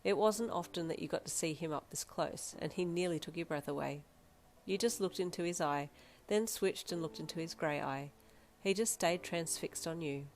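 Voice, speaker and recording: A woman reading fanfiction aloud as an audiobook narrator, with a steady storytelling delivery. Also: sits low, moderate pace. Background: faint background music.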